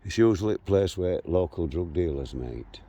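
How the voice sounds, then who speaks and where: Gravelly guy in his 60s, retelling a street row out loud while walking around outside. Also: deep voice, normal speed, slight background noise. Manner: animated, re-enacts a street argument. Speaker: vlogger. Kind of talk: walking vlog storytelling. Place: outdoors, walking through a local park and streets.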